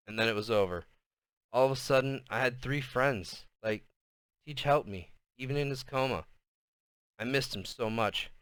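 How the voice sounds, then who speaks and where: A man reading a children's novel aloud in an unhurried voice, with small slips along the way. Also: medium pitch, a bit bright, clear, resonant tone, dry recording. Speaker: reader.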